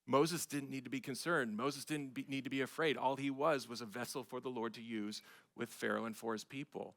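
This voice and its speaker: A middle-aged man, a pastor, preaching a sermon with emphatic swells of loudness on key phrases. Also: medium pitch, fairly even intonation, brisk. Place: church sanctuary.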